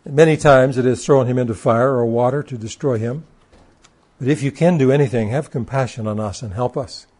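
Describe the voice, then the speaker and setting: A man's voice: medium pitch, fairly quick, darkish tone. A man preaching a sermon, reading scripture aloud and explaining it with emphatic stress on key words and occasional stammered restarts.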